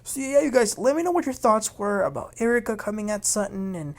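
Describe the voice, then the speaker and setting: A woman's voice: mid-range voice, expressive, fairly quick. A woman hosting a casual reality TV recap, telling the story in a chatty, gossipy way and acting out the quotes.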